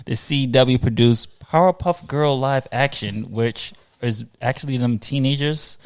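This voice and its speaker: A man's voice: medium pitch, measured pace, smooth. A man hosting a podcast in casual chat, rambling along and restarting his sentences. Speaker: podcast host.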